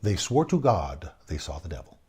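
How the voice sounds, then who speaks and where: A man recounts an eerie childhood tale in a slightly husky voice. His pitch swings widely, leaping up for the exciting parts and dropping low and hushed for the frightening ones. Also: moderate pace. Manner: animated, swings between loud bursts and hushed tones. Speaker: storyteller. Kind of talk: personal ghost story told aloud.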